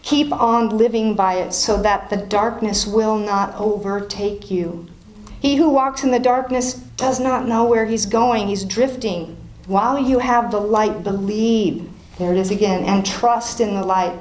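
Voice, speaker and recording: A woman's voice: medium pitch, steady tone, measured pace, darkish tone. Woman leading a Bible study in a roomy space. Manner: reads passages aloud, then explains and quizzes the group. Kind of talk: reading scripture and teaching a group. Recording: roomy echo with faint noise.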